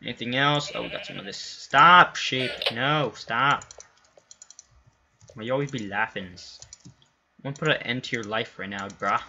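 A young man narrating his own game playthrough, chatting casually and flaring into excited shouts and swearing. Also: on the low side, fast talker, gravelly, slight background noise. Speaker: gamer. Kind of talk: Let's Play commentary. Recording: lo-fi home recording.

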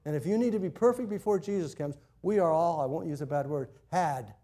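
Animated storytelling male pastor. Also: on the high side, a little fast. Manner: animated storytelling, swinging from loud emphasis to quiet asides. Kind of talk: sermon. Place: church.

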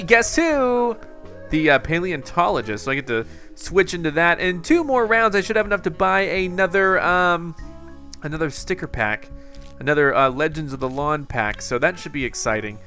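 A young man doing excited gameplay commentary, panicking and yelling in bursts, then settling into calm, chatty talk. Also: fairly high pitch, fairly quick, soft background music. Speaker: gaming YouTuber.

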